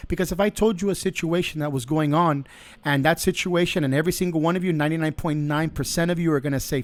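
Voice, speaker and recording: A man with a slightly high voice delivers a motivational podcast monologue. He sounds earnest and preachy, offering faith-based advice and circling back on phrases as he builds each point. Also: fairly even intonation, fast talker, darkish tone, no echo. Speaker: podcast host.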